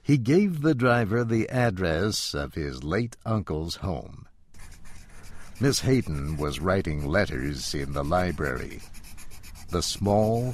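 A man reading a story aloud as the narrator, slow and clear. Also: fairly low pitch, slight background noise.

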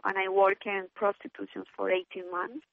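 A woman from Colombia with a Colombian Spanish accent, earnestly giving personal testimony in a radio interview in halting, non-native English. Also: medium pitch, level tone, vocal fry, dry recording, phone-quality sound. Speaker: interview guest.

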